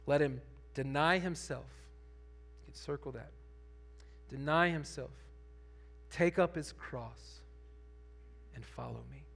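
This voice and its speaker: Guy pastor giving a sermon, kinda high voice, talks casual then gets fired up. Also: slow, vocal fry, pauses often, a bit bright. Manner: conversational, building to emphatic preaching.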